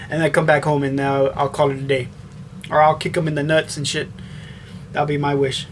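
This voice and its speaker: Young male vlogger, slightly high voice, swears constantly, rambles with fillers, faint room hiss. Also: little pitch movement, normal speed. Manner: profane, blunt, rambling with filler. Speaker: vlogger answering tag questions. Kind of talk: casual chat.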